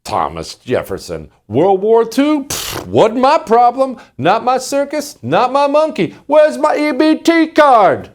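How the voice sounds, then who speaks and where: A man putting on a scoffing, dismissive newcomer in a high, sneering voice. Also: huge pitch swings, slow, few pauses, full character voice.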